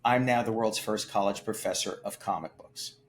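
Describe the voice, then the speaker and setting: A man's voice: on the low side, fairly even intonation, moderate pace, slight background noise. An older man telling a story from his own life with emphatic energy, acting out the voices of the people he quotes. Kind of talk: animated storytelling. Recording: faint music behind.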